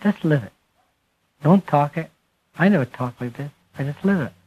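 A man giving a spiritual talk to a live audience, speaking slowly and emphatically and letting his phrases fall away softly. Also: a little high, animated, breathy edge, muffled recording. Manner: slow, emphatic, trailing off softly at phrase ends. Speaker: speaker addressing a group.

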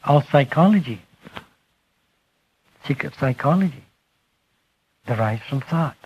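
A man giving a spiritual talk to a live audience, speaking slowly and emphatically and letting his phrases fall away softly. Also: medium pitch, lively intonation, muffled recording, slight background noise. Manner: slow, emphatic, trailing off softly at phrase ends. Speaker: speaker addressing a group.

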